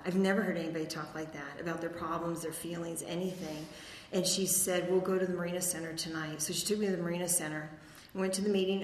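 Woman telling her story in an echoey hall. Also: fairly low pitch. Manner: chatty, rambling with fillers and self-mocking laughs. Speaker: recovery meeting speaker. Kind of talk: personal testimony talk. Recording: echoey hall reverb, faint noise.

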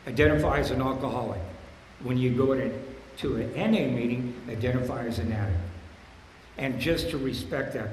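A man in his sixties telling his recovery story at a meeting, rambling and repeating himself in blunt, streetwise talk, getting louder and higher on his punchlines. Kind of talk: personal recovery share. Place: meeting hall. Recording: echoey hall with room hum.

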